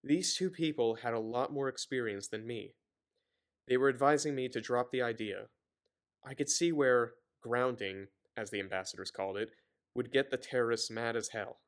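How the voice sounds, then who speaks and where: A man's voice: medium pitch, normal speed. Exasperated man reading and ranting. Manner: exasperated, sarcastic asides between read passages; loose, rambling, stumbles over words. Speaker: host reading a novel aloud with commentary. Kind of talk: casual book reading with commentary.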